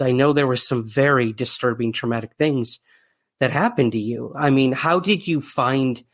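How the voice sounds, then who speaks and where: A man with a mid-range voice hosting a podcast interview. He asks his questions in a friendly way with plenty of ums and uhs, and reads out listener questions. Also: medium pitch. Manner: friendly, filler-heavy questions. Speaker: podcast host.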